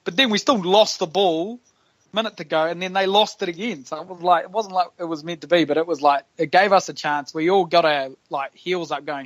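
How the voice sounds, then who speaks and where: A man with a New Zealand accent and a fairly high, slightly quick voice guests on a podcast. He's a professional rugby player, trading stories in loose, slangy conversation and laughing a lot.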